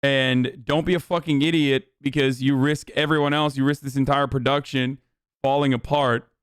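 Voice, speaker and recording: A man's voice: medium pitch, little pitch movement, moderate pace, clean tone, no echo, clean studio sound. A man hosting a live stream, talking casually, heated and incredulous, and swearing a lot. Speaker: streamer host.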